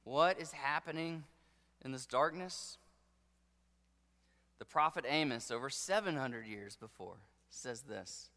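A man preaching a sermon with passion, dropping to a hush and then rising to loud declarations. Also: medium pitch, expressive, slow, pauses often. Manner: impassioned preaching, swinging between hushed and loud. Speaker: pastor. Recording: long hall reverb.

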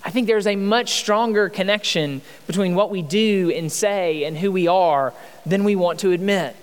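Male pastor, 30s, conversational sermon delivery with rhetorical questions; high voice, long hall reverb. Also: moderate pace, clean tone.

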